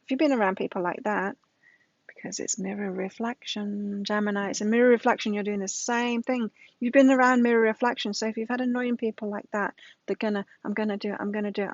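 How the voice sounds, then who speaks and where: A woman's voice: mid-range voice, no echo. Emphatic middle-aged woman, muffled dry sound. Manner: emphatic, repeats phrases, tells stories to make a point. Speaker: tarot reader. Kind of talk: weekly tarot reading, casual chat to camera.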